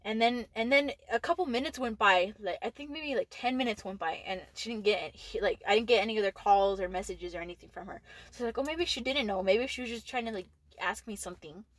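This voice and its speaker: A woman's voice: mid-range voice, quick pace, no echo. A young woman with a Texan accent, co-hosting a casual podcast and telling stories with lots of laughter and swearing. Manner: laughing storyteller, swears freely. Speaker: podcast co-host. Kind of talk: casual chat.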